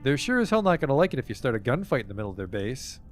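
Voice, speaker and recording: A man's voice: medium pitch, big pitch swings, very fast, faint music behind. A young man streaming a game, reading its narration aloud and dropping wry asides.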